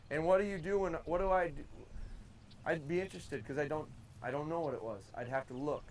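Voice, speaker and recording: A man's voice: a little high, a little fast, slight background noise, rough recording. Folksy man giving dog training tips. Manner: folksy, demonstrating commands in varied tones. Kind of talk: outdoor training talk. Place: outdoors in a field.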